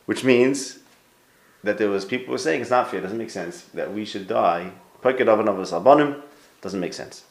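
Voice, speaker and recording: A man with a lowish voice teaches an informal Torah class in a roomy space. He talks conversationally, restarts his sentences and turns to his listeners with questions. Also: normal speed. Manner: conversational, thinks aloud, restarts and quizzes listeners. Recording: roomy echo.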